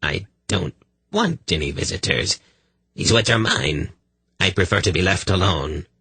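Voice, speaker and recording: A man's voice: low voice, expressive, unhurried, creaky, pushed and bright, slightly rough, no echo, exaggerated voice. A man reading an audiobook, voicing a mad, menacing forest hermit with a rusty, growling voice. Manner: threatening and unhinged.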